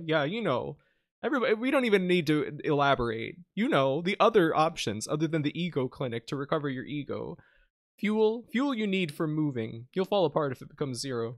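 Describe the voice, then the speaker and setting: A man's voice: a little high, dry recording, studio quality. A man streaming a game live, chatting casually with viewers, teasing them and reading menus aloud.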